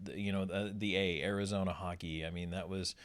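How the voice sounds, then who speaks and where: A man's voice: deep voice, fairly even intonation, fairly quick. A man, a former hockey player and color commentator, reminiscing in an interview with frequent restarts and fillers.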